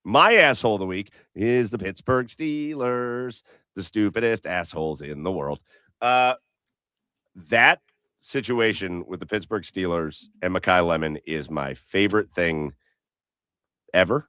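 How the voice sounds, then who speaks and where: A man's voice: low voice, expressive, measured pace, bright, forceful tone, clear, resonant tone, no room sound. A man co-hosting a casual sports podcast over beers, telling stories bluntly with some swearing. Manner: blunt, profane storytelling. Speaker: podcast co-host.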